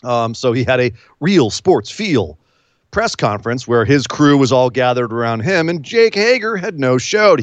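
A man's voice: mid-range voice, no echo. Wry man recapping in slightly dull sound. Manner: rambling, wry, throws in silly voices. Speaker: podcast host. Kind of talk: casual chat.

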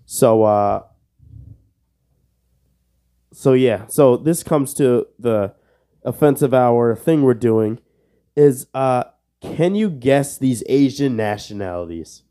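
Young man, podcast host, casual banter, joking, warm mellow tone. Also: medium pitch, lively intonation, slow. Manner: joking, self-mocking, breaks into laughs; swears under his breath at quiz answers.

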